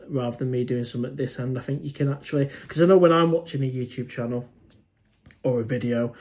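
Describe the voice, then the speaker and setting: A man's voice: mid-range voice, warm tone. An English man hosting a casual live stream, chatting informally and reading out viewer comments. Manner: chatty, informal, says "mate" often.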